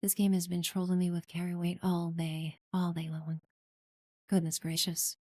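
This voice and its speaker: A woman's voice: lowish voice, flat delivery, moderate pace, no echo, studio quality. A woman streamer chatting casually during live gameplay, thanking new followers and talking about her community. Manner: friendly, thanks followers warmly, many fillers.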